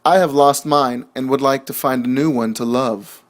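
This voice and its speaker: A man's voice: medium pitch, fairly even intonation, normal speed, lightly acted. A man voicing a lonely, timid little male bee who pleads to join a new family in a storybook. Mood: pleading.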